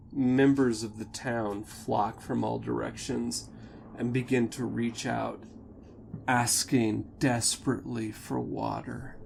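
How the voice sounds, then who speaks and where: A man narrates a tabletop game as game master. He talks at an unhurried, deliberate pace and lays out each scene in measured detail. A faint ambient bed sits behind his voice. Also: medium pitch, vocal fry, slight background noise. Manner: slow, measured, descriptive narration.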